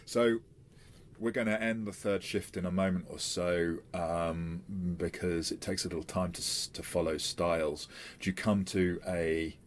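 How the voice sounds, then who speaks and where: A man's voice: sits low, fairly even intonation, measured pace, slight background noise. A man running a tabletop role-playing game as game master, chatty and stop-start with many fillers.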